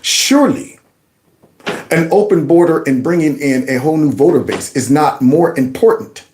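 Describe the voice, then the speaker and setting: A man talks through political clips in a high, lively voice that swings widely in pitch. He is mocking and animated, often slipping into exaggerated mimicry. The room around him is echoey. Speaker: political commentary host. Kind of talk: casual political commentary.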